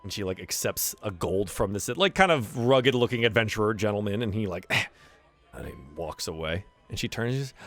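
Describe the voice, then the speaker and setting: A man's voice: lowish voice, expressive, fairly quick, fairly bright tone, soft background music. A man running a tabletop game as game master, narrating casually with plenty of fillers.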